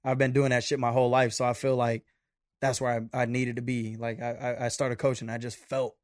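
A man's voice: mid-range voice, flat delivery, brisk, dry recording, studio quality. A young man from a Mexican-American family telling his story in casual, profane podcast chat. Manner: profane, laid-back storytelling.

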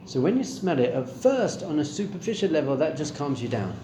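In a room full of listeners, a middle-aged spiritual teacher gives a brisk Torah class on meditation, his fairly high voice swinging widely in pitch. He talks conversationally and keeps asking the audience questions, while the roomy recording carries a noisy background.

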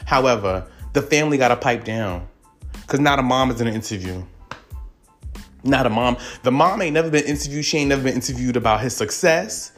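A man giving casual celebrity gossip commentary, animated and profane, leaping up in pitch for emphasis. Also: fairly quick, faint music behind. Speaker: commentary vlogger.

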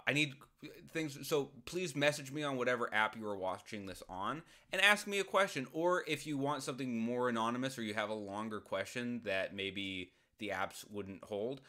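Man, podcast host, bright forceful voice, jokey, rambling, loud outbursts. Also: medium pitch. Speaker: podcast host answering listener questions. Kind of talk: casual solo podcast advice.

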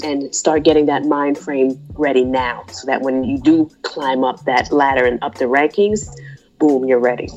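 A woman with a low voice co-hosts a casual talk show. She is animated and opinionated, full of asides. The sound is dull and lo-fi, with faint music underneath. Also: moderate pace. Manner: lively and animated, talks through opinions with frequent asides. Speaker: podcast co-host. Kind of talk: casual chat.

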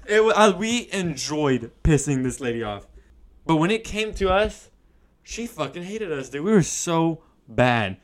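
A man's voice: on the high side, sing-song, a little slow. A young man casually telling a story to a friend, slangy and profane, calling people bro and laughing as he goes. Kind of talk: casual chat.

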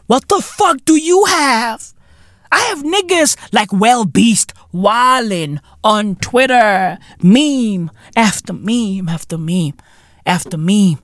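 A man hosting a podcast, ranting solo with loud swearing, swinging between shouts and low muttering. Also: no room sound, studio quality. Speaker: podcast host. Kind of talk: solo comedic rant.

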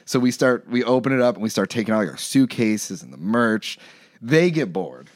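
A man's voice: mid-range voice, moderate pace, no echo, clean studio sound. A man in his thirties telling a road story in casual chat, acting out the people in it and laughing often. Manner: animated, acts out quotes, laughs often. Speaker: guest, studio engineer. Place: studio room.

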